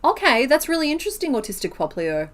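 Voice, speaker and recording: A woman's voice: high voice, big pitch swings, fast talker, a bit bright. An Australian woman streaming while she crochets, chatting casually, laughing often and counting stitches under her breath.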